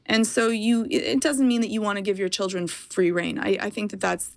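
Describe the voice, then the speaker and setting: A woman guest speaking as a parent, explaining her views in an animated, quick way and often laughing. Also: mid-range voice, creaky. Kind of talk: casual chat.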